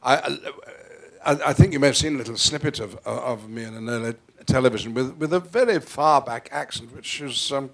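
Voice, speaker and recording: An older man from the northwest of England, speaking Received Pronunciation with faint northern traces, talking theatrically on a theatre stage and swinging between quiet and loud. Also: mid-range voice, fairly quick, gravelly. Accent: Received Pronunciation with faint northern English traces. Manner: theatrical, playful, with frequent restarts and sudden swings in loudness. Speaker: guest actor. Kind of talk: onstage interview conversation. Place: theatre stage before an audience.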